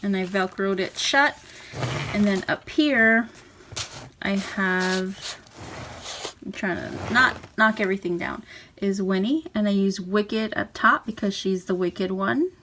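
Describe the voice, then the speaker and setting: A woman casually talking through a handmade journal she is showing page by page, relaxed and chatty. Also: medium pitch, slow pace, rough recording. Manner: chatty, relaxed, with fillers and soft laughs. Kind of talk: casual craft walkthrough. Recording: audible background noise.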